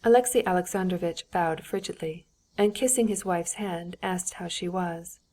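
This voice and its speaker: Low, mellow-voiced woman narrating. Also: moderate pace. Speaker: audiobook narrator. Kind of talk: scripted narration.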